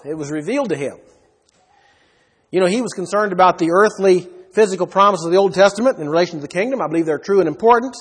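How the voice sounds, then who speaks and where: High-voiced husky male preacher. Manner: emphatic, asks rhetorical questions. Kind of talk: expository sermon. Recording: long hall reverb.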